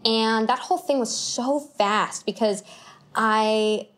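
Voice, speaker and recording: A woman with a fairly high voice tells stories in an interview, animated and quick to laugh. She slips into her own past thoughts as little acted quotes. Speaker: actor guest. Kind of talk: conversational interview storytelling.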